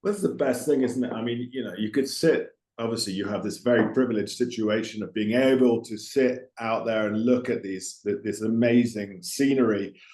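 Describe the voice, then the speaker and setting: A man's voice: fairly low pitch, normal speed, few pauses, darkish tone. A man hosting a podcast interview, chatty and digressive with many fillers and restarts. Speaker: podcast host. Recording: roomy echo.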